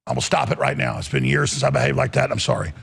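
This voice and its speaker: A talk show host, a man, ranting in an angry, blunt and crude way with a gravelly, raspy voice. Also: mid-range voice, sing-song, quick pace, fairly bright tone. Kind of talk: heated political talk rant.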